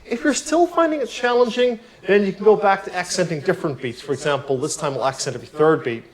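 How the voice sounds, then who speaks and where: A man giving a piano tutorial, explaining technique in a relaxed, explanatory way. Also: high voice, fast talker, poor audio. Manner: relaxed, explanatory, counts beats aloud while playing. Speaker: piano teacher. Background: piano playing.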